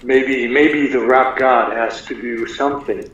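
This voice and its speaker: A man with a Russian accent calls in and speaks haltingly, often pausing to find his words. His line sounds dull and lo-fi. It has heavy echo and a faint hiss. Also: medium pitch, fairly even intonation, fairly bright tone. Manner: halting, slow, searches for words. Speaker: caller. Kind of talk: casual call-in chat. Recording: very echoey, dull lo-fi, faint noise.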